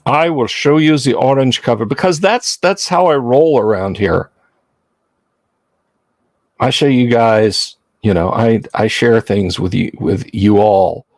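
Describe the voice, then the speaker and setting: A man's voice: mid-range voice, measured pace, dry recording. Chatty male livestream host. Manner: chatty, rambling, jokey, answers chat. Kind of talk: casual livestream chat.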